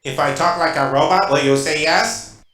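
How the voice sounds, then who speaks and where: A man putting on a slow, stiff robot voice during a prank phone call. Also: fairly high pitch, roomy sound, music in the background, natural voice. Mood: smug. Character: male robot voice, proud of sounding cool.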